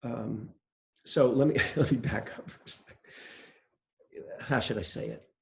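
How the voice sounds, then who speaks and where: Older man, meditation teacher; gravelly, unhurried, chatty dharma-talk delivery. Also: medium pitch. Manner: relaxed, conversational, self-deprecating storytelling with hesitations.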